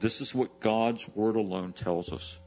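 A man preaching a verse-by-verse sermon in a low, husky voice. He poses rhetorical questions and slows down to stress his key words. The recording sounds dull and lo-fi. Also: soft background music. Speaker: pastor. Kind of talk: expository sermon.

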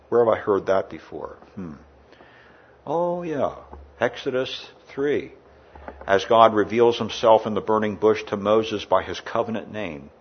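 A man preaching a sermon in a church, rising loud in the story and dropping quiet for asides. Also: mid-range voice, breathy edge, highs cut off. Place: indoor air-conditioned church.

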